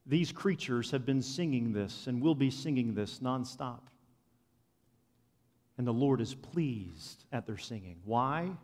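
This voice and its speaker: A man preaching a sermon, swinging from loud proclamation to quiet, confiding asides. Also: medium pitch, expressive, unhurried. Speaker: pastor. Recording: long hall reverb.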